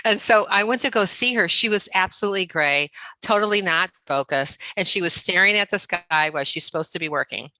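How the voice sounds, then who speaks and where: An older woman telling a story as a podcast guest, chatty and animated, acting out what people said with lots of fillers. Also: fairly low pitch, fairly quick, no echo, poor audio. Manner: chatty, animated, acts out quoted dialogue, many fillers. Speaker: guest author. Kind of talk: storytelling anecdote in a podcast interview.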